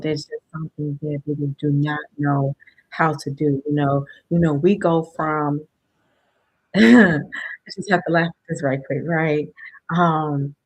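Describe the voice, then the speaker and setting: Husky-voiced woman hosting a live talk. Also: low-pitched, darkish tone, no echo, poor audio. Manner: conversational, keeps asking "right?" to the chat; addresses viewers directly and checks they understand. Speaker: workshop host. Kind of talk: live-stream motivational talk.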